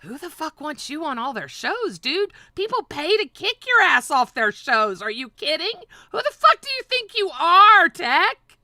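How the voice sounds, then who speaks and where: A woman holds forth on a livestream, her voice very bright and lively as it climbs into outraged shouts. She swears freely and keeps tearing into people. The sound is dry and close. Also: sits high, unhurried, dry recording. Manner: profane, ranting, swings to shouting. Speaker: livestream host. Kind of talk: heated livestream rant.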